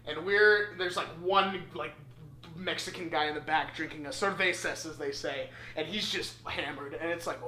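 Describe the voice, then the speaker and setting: Young man telling a story, bright. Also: fairly high pitch, moderate pace. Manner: animated, swearing, acts out voices. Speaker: podcast host. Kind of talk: casual storytelling. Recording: echoey room with faint noise.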